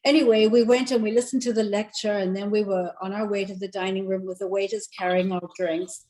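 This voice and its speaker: A woman telling a detailed story in lively, casual talk on a group video call. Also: mid-range voice, a little fast, low-quality recording.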